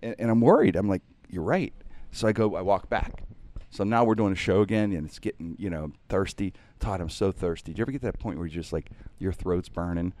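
A man, a radio host and impressionist, telling a story casually and animatedly, jumping way up in pitch on punchlines. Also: fast, dark tone.

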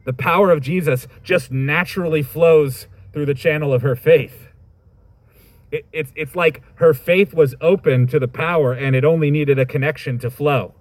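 A man's voice: on the high side, normal speed, no echo. A man preaching a sermon, reading scripture and reflecting on it in a thoughtful, conversational way with informal asides.

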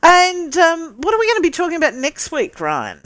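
A woman's voice: very high voice, huge pitch swings, brisk, fairly bright tone. A woman co-hosting a TV review podcast, chatting casually with plenty of ums and hesitations. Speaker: podcast co-host. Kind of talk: casual chat.

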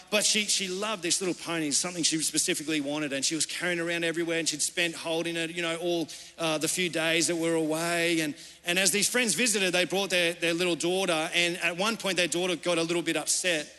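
Pastor guy preaching, earnest storytelling, sharp tense tone. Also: a little high. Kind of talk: sermon. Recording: reverberant church hall.

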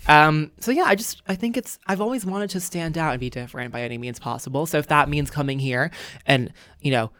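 A young man co-hosting a podcast, talking in a deadpan, sarcastic, mock-pompous way. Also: a little high, brisk. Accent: General American. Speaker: podcast co-host. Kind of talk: casual chat.

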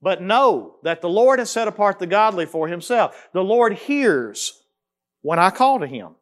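A man, preaching a sermon as pastor, swinging between loud emphasis and quiet, slow repetition. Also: high-pitched, big pitch swings.

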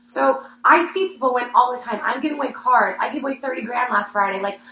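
Bright-voiced woman telling a story animatedly. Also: fairly high pitch, fast. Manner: animated storyteller acting out her own excitement. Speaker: podcast host. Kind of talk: casual chat, storytelling. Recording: echoey room with faint hum.

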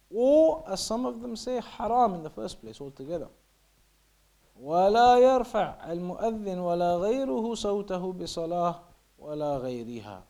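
His voice is high-pitched and mellow as he teaches a lesson on Islamic law, reading from texts and explaining in English. He says his points again and again and at times speaks in a near-whisper to illustrate how it's said.

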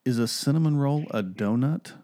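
A man's voice: medium pitch, moderate pace, warm tone. A man co-hosting a podcast, laid-back and asking questions in casual chat. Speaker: podcast co-host.

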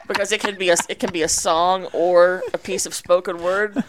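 A woman's voice: fairly low pitch, lively intonation, a little slow, background noise. A woman co-hosting a podcast in casual chat, reading listener questions with rambling enthusiasm. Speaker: podcast co-host.

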